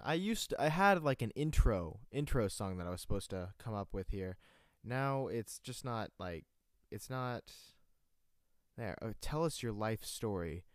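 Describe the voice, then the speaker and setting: A man's voice: lowish voice, expressive, unhurried, dry recording. A young man from North Carolina hosting his own amateur radio show, rambling and self-mocking with many fillers and restarts. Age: late teens. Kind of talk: rambling solo radio talk. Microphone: headphones and desk mic.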